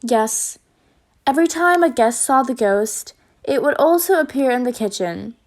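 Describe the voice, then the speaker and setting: A woman reading aloud, voicing a male mouse cook who tells his story loudly and eagerly. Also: high-pitched, lively intonation, measured pace.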